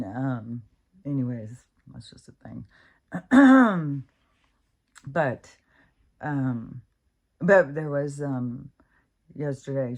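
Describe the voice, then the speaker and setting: A middle-aged American woman vlogging from home talks in a meandering, easygoing way, with lots of fillers and restarts while her dog stays nearby. Her pitch is extremely low, with a slightly mellow quality.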